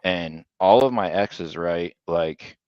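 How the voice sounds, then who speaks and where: A young man co-hosting a podcast, chatting casually and telling stories with animated asides that mimic other people. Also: sits low, takes it slowly, dry recording, highs cut off. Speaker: podcast co-host. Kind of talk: casual chat.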